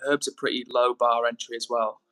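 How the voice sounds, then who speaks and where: This young streamer has a mid-range voice with a level tone, a bit bright and fairly quick. He chats casually and cheerfully, reading chat messages out loud.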